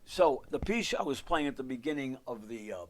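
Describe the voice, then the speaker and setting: With a mid-range voice, lively intonation and a fairly quick pace, a man gives a live online piano lesson over slight hiss or hum. He counts and sings rhythms aloud as he plays, wandering off into rambling asides.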